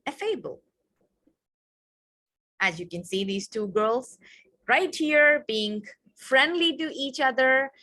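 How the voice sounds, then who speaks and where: Young woman doing an online vocab lesson, casual and chatty, fairly high voice. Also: pushed and bright. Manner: chatty, explains with examples and frequent "right?". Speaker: vocabulary teacher.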